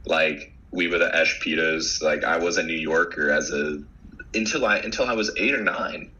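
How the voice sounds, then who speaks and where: Young guy in his 20s, super deep but bright voice, guest on a podcast, animated storyteller. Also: normal speed, muffled recording. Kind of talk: casual chat.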